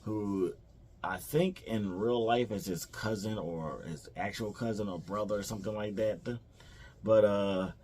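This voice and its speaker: Unhurried and a little mellow, a man with a lowish voice casually walks through a film's plot for his review. He rambles, restarts, drops fillers and quotes the characters.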